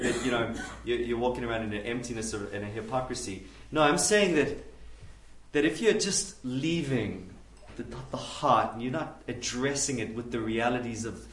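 A man preaching a camp sermon, swinging from hushed, pleading passages to loud, impassioned ones. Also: medium pitch, moderate pace. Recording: echoey room, mic at a distance.

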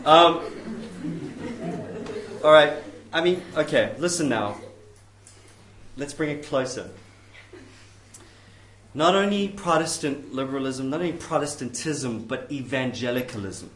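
Animated preacher. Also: male voice, mid-range voice, unhurried, pauses often. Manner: animated, jokey, conversational. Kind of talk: sermon. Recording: roomy, distant mic, faint ambience.

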